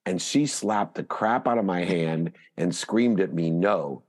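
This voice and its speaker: A man guest on a podcast, telling a personal story in an animated, emphatic way. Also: sits low, a little slow. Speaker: guest, motivational speaker.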